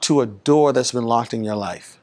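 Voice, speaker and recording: A pastor talking in an animated, preaching-style way, rising in pitch and volume to drive his points home. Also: normal speed. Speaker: pastor and guest speaker.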